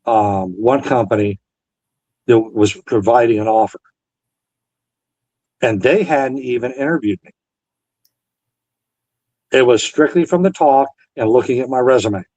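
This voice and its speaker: A man's voice: mid-range voice, darkish tone, no room sound, dull audio. A Navy veteran man in an interview, earnestly retelling past conversations and quoting both sides. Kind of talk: storytelling interview.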